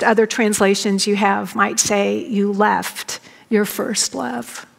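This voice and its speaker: A woman's voice: mid-range voice, flat delivery, slow, gravelly. A woman preaching a sermon as a Bible teacher, folksy and emphatic, talking straight to the congregation. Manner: warm, folksy and emphatic, addressing the congregation directly. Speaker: Bible teacher, guest speaker. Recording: long reverb of a large hall.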